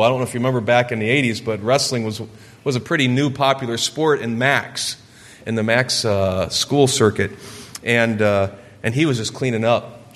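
Guy in his 40s from michigan telling a story in a sermon, earnest, voice rings out in a big reverby hall. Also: mid-range voice. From Michigan, USA. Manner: earnest storytelling, gets lively acting out quotes. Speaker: preacher.

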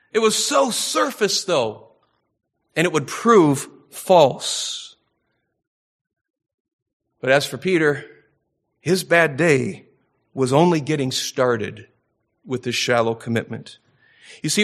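A man delivers an expository sermon in a bright, forward voice that sits a little high. He reads scripture aloud, then builds his points with rising emphasis and dramatic pauses. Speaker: pastor.

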